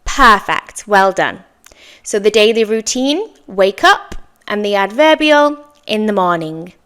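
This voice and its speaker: A woman teaching an English lesson, saying example sentences slowly and clearly for learners to repeat, with encouraging praise. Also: mid-range voice, animated, a bit bright. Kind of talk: slow, clear language lesson with repeat-after-me drills.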